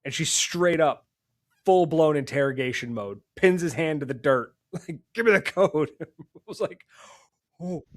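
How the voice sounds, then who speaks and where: A man's voice: fairly high pitch, a little slow. A man hosting a podcast, telling stories casually, laughing often and acting out the people in them. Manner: animated storyteller who laughs often and acts out the people in his stories. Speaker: podcast host. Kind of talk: casual storytelling chat.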